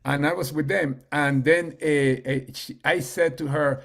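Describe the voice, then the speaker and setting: A man giving a casual team training talk on a video call, halting, with many fillers and restarts. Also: a little high, vocal fry, a bit bright. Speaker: team leader and coach.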